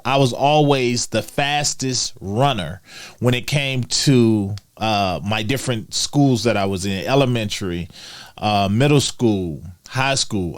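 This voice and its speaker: Animated male vlogger telling a story. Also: medium pitch. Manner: animated, chatty, addresses viewers as guys. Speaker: finance vlogger. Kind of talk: personal storytelling to camera.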